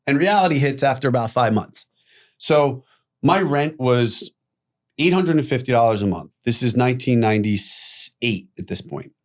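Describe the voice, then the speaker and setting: A middle-aged man telling his own story as a podcast guest, candid and animated, swearing freely. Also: mid-range voice, normal speed.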